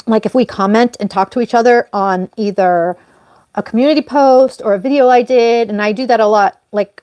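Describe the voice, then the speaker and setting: A woman hosting a casual live stream, talking in a rambling, apologetic way and jumping up in pitch when she stresses a point. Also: dry recording, clean studio sound. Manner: animated, jumps up in pitch on emphasis. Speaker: livestream host.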